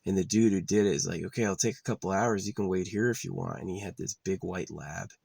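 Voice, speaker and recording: A man's voice: low-pitched, fast, darkish tone, no echo. A man rambling profanely in a casual monologue, now and then dropping to a near-whisper, recorded outdoors at his camp spot. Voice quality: gravelly and husky. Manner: drops to a near-whisper at times.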